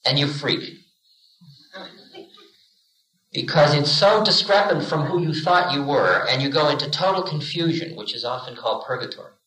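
Bright-voiced man giving a roomy spiritual lecture. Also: fairly high pitch, normal speed, pauses often. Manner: storytelling, acts out quoted voices with humor. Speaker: spiritual teacher.

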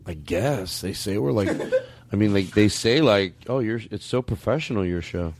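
A man's voice: fairly low pitch, animated, normal speed, background noise. A man co-hosting a podcast in casual banter, joking and rambling, swearing often. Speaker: podcast co-host.

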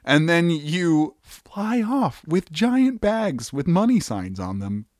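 Lively, giggly man co-hosting a podcast. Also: a little high, takes it slowly, no room sound, clean studio sound. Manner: playful, giggly, riffs on jokes. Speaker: podcast co-host. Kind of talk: casual comedy podcast banter.

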